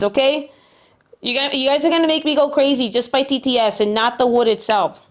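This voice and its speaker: A woman's voice: high voice, a little fast. A young woman livestreaming, talking casually to her chat in a rambling, exasperated way with lots of fillers. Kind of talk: casual live stream chat.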